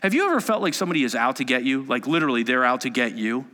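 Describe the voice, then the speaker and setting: A man preaching a sermon and reading scripture aloud, swinging between hushed asides and loud exclamations. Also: mid-range voice, big pitch swings, racing. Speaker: pastor. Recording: long hall reverb.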